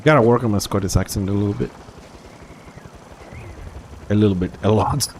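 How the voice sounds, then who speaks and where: A man live-streaming an online game, commenting as he plays, jumping from quiet muttering to excited outbursts. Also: fairly low pitch, normal speed, a little hiss or hum. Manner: excitable, reacts loudly to the game, then mutters to himself.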